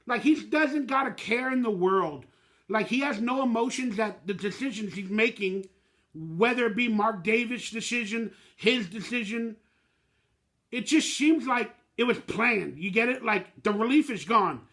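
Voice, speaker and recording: A man with a high-pitched voice and a bright, sharp edge rants through a postgame reaction on his fan channel. He talks bluntly and emotionally in plain, slangy words. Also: a little slow.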